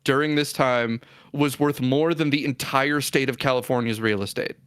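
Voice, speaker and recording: A man's voice: mid-range voice, fairly even intonation, normal speed, fairly bright tone, smooth, no room sound, clean studio sound. A man co-hosting a gaming podcast, telling stories animatedly with many fillers. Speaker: podcast co-host. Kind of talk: casual gaming chat.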